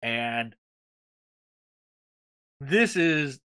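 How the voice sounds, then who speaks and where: A man's voice: medium pitch, expressive, drawn-out words, a bit bright, clean tone. A man co-hosting a casual podcast chat, rambling enthusiastically with lots of fillers. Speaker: podcast co-host.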